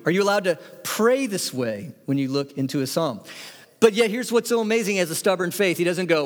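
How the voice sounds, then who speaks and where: Male pastor preaching, kinda high voice, asks the crowd stuff, big echoey church hall. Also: lively intonation, a little fast. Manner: earnest, rises in pitch when reading the psalm aloud; asks the congregation direct questions. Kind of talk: sermon. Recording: long hall reverb.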